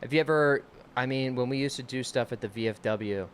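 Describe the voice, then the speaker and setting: A man's voice: mid-range voice, a little hiss or hum. A young man telling stories on a casual comedy podcast, laughing often and acting out the people he quotes. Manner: giggly storyteller, quick to laugh, acts out quoted voices.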